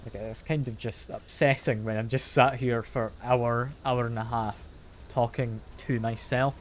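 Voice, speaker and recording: Young Scottish man, casual gaming stream chatter, mid pitch, faint room ambience. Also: steady tone, measured pace, a little hiss or hum. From Scotland. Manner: chatty, self-deprecating, answers chat aloud with soft laughs. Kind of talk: casual live-stream chat while gaming. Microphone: sensitive desk mic.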